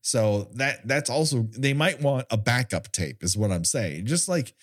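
A man's voice: medium pitch, animated, unhurried. A man hosting a podcast, sarcastically retelling an episode with profane asides. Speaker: podcast host. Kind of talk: casual podcast recap chat.

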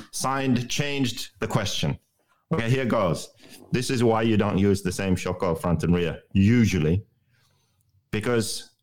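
A man's voice: lowish voice, darkish tone. A man co-hosting a casual podcast, explaining a technical point methodically, step by step. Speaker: podcast co-host.

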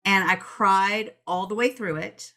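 Middle-aged woman, podcast co-host, chatty and animated, bright crisp voice. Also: mid-range voice, a little slow. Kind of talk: casual chat.

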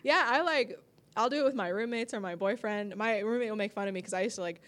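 A woman comedian chatting loosely about her craft, her voice at an everyday middle pitch. She laughs easily and slips into quick impressions of the people she talks about. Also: a bit bright. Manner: laughs often, acts out quoted people. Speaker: comedian, podcast guest. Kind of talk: casual chat.

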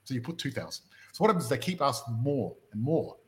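A man's voice: mid-range voice, very animated, fast. An Australian man hosting a property-investment podcast, chatting casually and making his points through stories and rhetorical questions.

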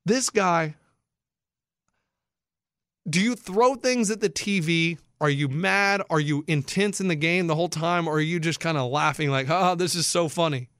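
A man hosting sports talk, animated and incredulous as he explains bets to listeners. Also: on the high side, unhurried, smooth, dry recording. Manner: excitable, incredulous, explains for non-bettors. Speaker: sports radio host.

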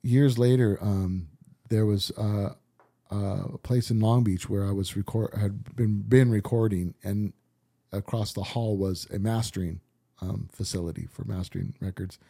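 A man's voice: on the low side, fairly even intonation, unhurried, creaky, mellow, slightly rough. A man from Southern California telling stories in a casual, rambling chat, full of fillers and restarts. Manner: laid-back rambling, many fillers. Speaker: musician guest.

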